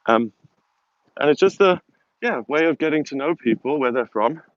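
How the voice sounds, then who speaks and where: The voice is male, fairly high and expressive, at normal speed with no echo, belonging to a vlogger who grew up speaking German yet has a South African accent. Streaming from a hilltop on his phone, he rambles on with self-deprecating humor. Wind noise colors the dull, lo-fi phone audio.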